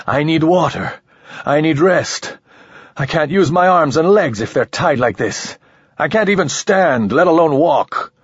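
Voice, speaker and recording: A man voicing an exhausted, furious captive man who pleads and shouts in a rasping voice that cracks upward in panic. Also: big pitch swings, normal speed, few pauses, no room sound, highs cut off, heavily acted. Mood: desperate, shouting. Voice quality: rasping dry throat. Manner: shouting, voice breaking high in panic.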